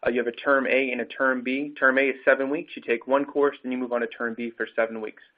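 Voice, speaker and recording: A man runs the question section of an online program webinar, reading questions aloud and pausing on many fillers. His pitch is middling and the line is narrow and phone-like. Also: flat delivery. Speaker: enrollment advisor hosting Q&A.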